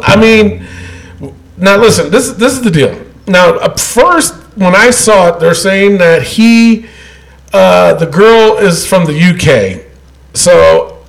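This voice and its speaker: A man's voice: sits high, creaky, rough recording. A man hosting a casual wrestling podcast, rambling loosely with lots of fillers and laughter. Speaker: podcast host.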